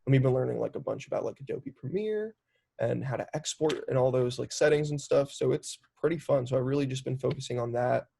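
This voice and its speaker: Chatty young man with a gravelly voice. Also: medium pitch, a little fast, slight background noise. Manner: chatty, lots of "like" fillers, animated storytelling. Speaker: documentary filmmaker. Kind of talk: casual interview chat.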